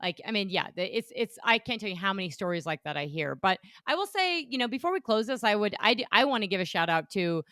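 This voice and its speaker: A woman hosting a political podcast, talking fast and full of conviction and stumbling over restarts as she presses her points. Her voice is bright and forceful. The recording is dry and close. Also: medium pitch, expressive, no echo. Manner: fast, emphatic, opinionated, with many restarts. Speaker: podcast host and energy economist. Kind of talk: casual political podcast chat.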